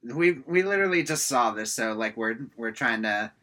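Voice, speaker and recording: Laid-back young man, lively pitch. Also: normal speed. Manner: laid-back, dry jokes. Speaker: podcast co-host. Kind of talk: casual movie review chat.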